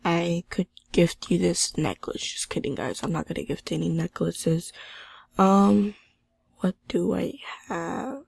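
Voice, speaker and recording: A woman's voice: fairly low pitch, a little slow, vocal fry, darkish tone, slightly rough, dry recording. A teenage girl with a sore throat, talking in a subdued way over gameplay and reading chat messages aloud. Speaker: gaming channel host. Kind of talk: casual gameplay commentary.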